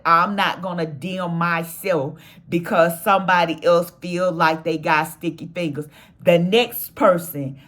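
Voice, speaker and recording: Woman vlogger, lowish voice, casual and emphatic. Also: fairly bright tone. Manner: vents emphatically, repeating herself. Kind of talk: casual vlog talk to camera. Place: parked in her truck.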